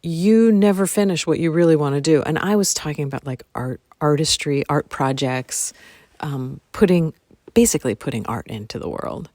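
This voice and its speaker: A woman's voice: sits low, a little mellow, dry recording, clean studio sound. A woman hosting her own solo podcast, musing aloud and repeating phrases, sometimes dropping into a whisper. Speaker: podcast host. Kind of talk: reflective solo podcast monologue.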